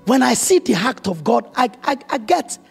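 A man preaching a sermon as pastor, telling stories with emotional, animated quoted dialogue. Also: extremely high pitch, moderate pace, gravelly, breathy edge, soft background music.

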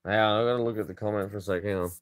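A man's voice: fairly low pitch, fairly even intonation, racing. Rambling, swearing man. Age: 30s. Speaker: vlogger. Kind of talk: casual chat to camera.

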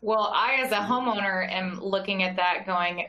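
Woman on a panel, homeowner side, kinda hesitant and thankful, mid-pitched. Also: normal speed, few pauses, pushed and bright, low-quality recording. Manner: grateful, hesitant. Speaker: panel participant speaking as a homeowner. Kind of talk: casual panel discussion.

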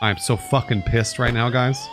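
A man's voice: medium pitch, steady tone, moderate pace. A man streaming a video game live, ranting with exasperated sarcasm over his gameplay. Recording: game noise and sirens behind voice.

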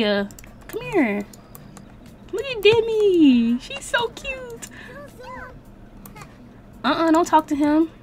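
A chatty young woman with a fairly high voice gives casual let's-play commentary, talking to viewers and the on-screen characters. She uses slang and animated exclamations. A faint hiss of noise sits under her voice. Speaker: gaming streamer.

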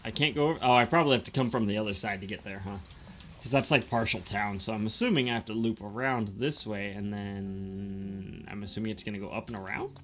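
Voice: mid-range voice, fast, a bit bright, faint music behind. A streamer giving chatty, rambling let's-play commentary and swearing casually.

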